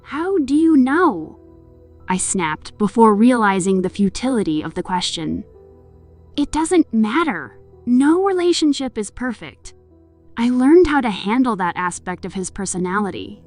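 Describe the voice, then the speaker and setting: A woman's voice: medium pitch, expressive, normal speed. A woman narrating a horror story and voicing the heroine with emotion. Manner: emotional, voices the heroine's pleading lines. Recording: music in the background.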